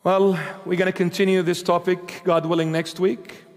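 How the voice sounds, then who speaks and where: A male bishop closes his sermon with solemn, measured blessings and prayers. His voice sits high for a man. The church around him adds a long, lingering reverb. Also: little pitch movement.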